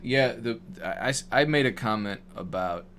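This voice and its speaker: A man's voice: fairly low pitch, expressive, normal speed, a bit bright, a little hiss or hum. A man from Wisconsin, a music producer chatting casually on a live stream, rambling and joking with many restarts and fillers. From Madison, Wisconsin. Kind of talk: casual livestream chat.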